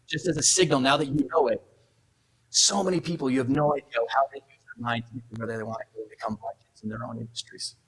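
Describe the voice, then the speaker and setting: A man's voice: medium pitch, quick pace, a bit bright, slightly rough, rough recording. A middle-aged man giving a motivational speech at an awards event, telling a family story and acting out the dialogue. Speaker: keynote speaker. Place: event hall.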